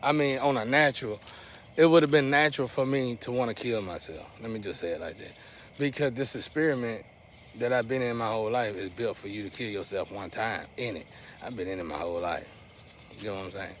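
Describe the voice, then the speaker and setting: A man's voice: on the low side, brisk, a little hiss or hum. A man giving a casual, rambling monologue to his viewers in loose slang. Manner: rambling, slangy, restless swings in loudness. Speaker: vlogger.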